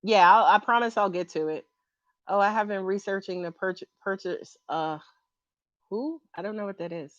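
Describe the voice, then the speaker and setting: A woman's voice: mid-range voice, moderate pace, no room sound. A woman giving a livestream tarot reading who grows emotional and keeps asking viewers for confirmation, heard over dull lo-fi audio. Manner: emotional, repeatedly asks for confirmation. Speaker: tarot reader.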